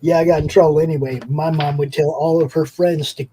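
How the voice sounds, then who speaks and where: A man's voice: fairly high pitch, fairly even intonation, fairly quick, mellow, breathy edge, rough recording. A man in casual chat, joking about his childhood.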